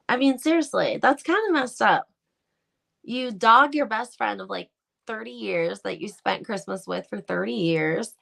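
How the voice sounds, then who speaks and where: A woman's voice: mid-range voice, measured pace, gravelly, a bit bright. A woman hosting a live-stream commentary on reality TV gossip, talking in an emphatic, gossipy way full of rhetorical questions.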